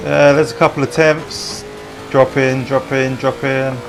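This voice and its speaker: A man's voice: mid-range voice, level tone, unhurried, over music. A young English man chatting with viewers and calling out friends during a live sim racing stream, matey and talkative.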